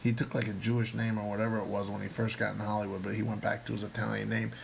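A man's voice: fairly low pitch, fast talker, creaky, slight background noise. A man, a working actor, chatting casually and animatedly, swearing often as he retells stories from acting classes. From New York. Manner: animated, swears often, acts out yelling teachers. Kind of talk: casual storytelling chat.

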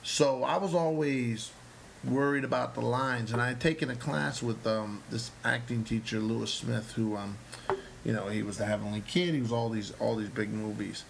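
A man with a gravelly, fry-edged voice, chatting loosely about his acting work. He tells stories with energy and swears freely. A faint hiss sits under the recording. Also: mid-range voice, moderate pace. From New York. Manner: animated, swears often, acts out yelling teachers. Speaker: actor. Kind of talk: casual storytelling chat.

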